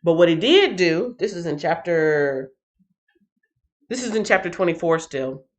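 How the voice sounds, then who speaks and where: A woman's voice: on the low side, expressive, measured pace. A woman hosting a Bible reading livestream in a playful, chatty way, laughing often and talking straight to her viewers. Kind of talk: casual livestream chat.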